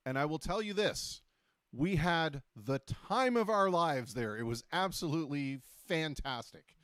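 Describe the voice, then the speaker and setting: A man's voice: on the high side, lively intonation, fairly bright tone, no echo, studio quality. A man hosting a casual talk show, telling stories in a chatty, joking way with lots of restarts. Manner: chatty storyteller, quick and jokey with many restarts. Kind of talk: casual chat.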